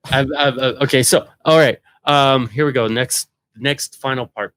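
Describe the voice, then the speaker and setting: A man co-hosting a podcast, reading listener mail aloud in a measured voiceover manner. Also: medium pitch, fairly even intonation, a bit bright, clear, resonant tone. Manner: measured, reads in sections like a voiceover. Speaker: podcast co-host.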